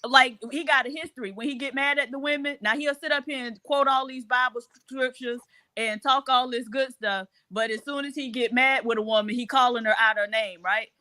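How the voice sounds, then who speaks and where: Bright-voiced woman making a point. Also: sits high, fairly even intonation, fairly quick, dry recording, studio quality. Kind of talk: heated call-in debate.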